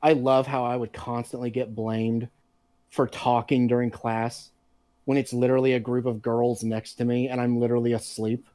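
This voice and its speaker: A man chatting casually on a podcast, telling animated, profanity-laced stories. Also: mid-range voice, normal speed, dry recording. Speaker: podcast co-host. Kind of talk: casual chat.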